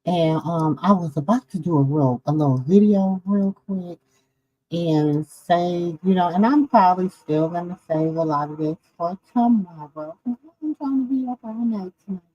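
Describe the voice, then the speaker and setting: A tired woman hosting a late-night live chat, greeting viewers by name in a slow, drawn-out way. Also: lowish voice, warm tone, no echo. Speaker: livestream host. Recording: dull lo-fi stream audio.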